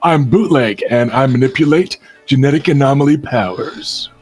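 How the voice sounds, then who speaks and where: An upbeat man introducing himself to a game stream with a self-deprecating edge. His voice is mid-pitched and casual, with faint music underneath. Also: normal speed. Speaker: writer and player.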